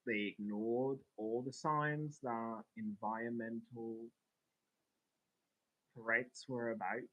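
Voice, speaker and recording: A man's voice: mid-range voice, fairly even intonation, slow pace. A man streaming live, chatting casually and sarcastically, swearing as he answers his chat. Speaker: livestreamer. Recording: tinny phone-like sound.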